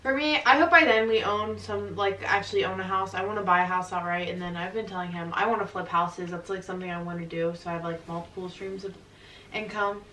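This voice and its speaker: A woman's voice: mid-range voice, fairly even intonation, quick pace, bright, forceful tone, echoey room, far from the mic, slight background noise, poor audio. A young woman vlogger chatting casually and giggling often, filler words all through, answering couples questions.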